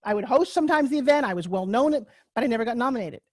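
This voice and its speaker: Brief: middle-aged Long Island woman, brash and candid, a touch high-pitched, close dry sound. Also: animated, rapid-fire, dry recording. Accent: Long Island New York. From Long Island, New York. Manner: brash, candid, self-mocking, swears freely. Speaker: speaker giving a talk on a video call. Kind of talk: personal storytelling talk. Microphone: computer mic on a video call.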